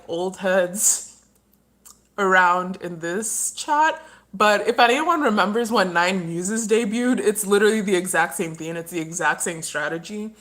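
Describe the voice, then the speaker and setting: Woman ranting casually on her livestream, eating, mid-pitch voice, chatty. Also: bright, forceful tone. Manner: opinionated, rambling, talks while eating. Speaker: livestream host.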